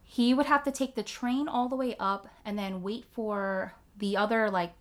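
A woman's voice: medium pitch, fairly even intonation, normal speed. A woman in casual chat, telling a personal story candidly and with lots of swearing and "like" fillers. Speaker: guest telling her story.

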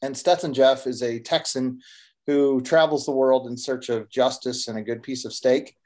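A man's voice: mid-range voice, fairly even intonation, moderate pace, darkish tone. A man co-hosting a podcast, chatting casually and rambling a little with fillers. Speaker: podcast co-host and author. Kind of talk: casual chat.

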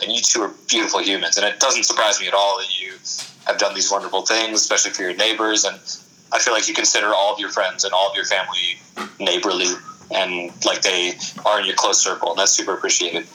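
Bright-voiced, effusive man chatting. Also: low-pitched, steady tone, a little hiss or hum, low-quality recording. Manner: effusive, warm-hearted, quick to laugh. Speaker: podcast guest. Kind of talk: casual podcast chat.

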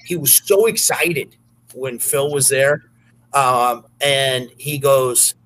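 A man telling a story on a podcast in a loose, rambling way. He keeps stopping to fill gaps and restart his sentences. His voice sits at an ordinary middle pitch. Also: takes it slowly, a bit bright, rough recording. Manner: rambling, many fillers and restarts. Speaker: podcast guest. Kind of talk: casual anecdote telling.

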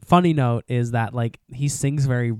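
Male podcast co-host, casual recap, mid-pitched, swears freely, dry studio sound. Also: normal speed, smooth, no echo. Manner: animated retelling, acts out characters, swears often. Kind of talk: casual movie recap chat.

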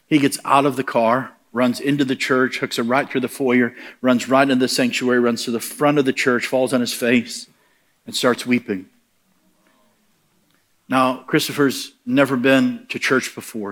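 A man's voice: medium pitch, moderate pace. A man preaching who tells a story and acts out the voices in it. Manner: animated, acts out the voices in his stories. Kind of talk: sermon storytelling.

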